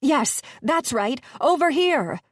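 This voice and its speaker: A woman's voice: mid-range voice, animated, measured pace, no room sound, studio quality. A woman voicing a desperate, defiant female journalist and mother who speaks in an urgent, commanding way. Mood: shouting.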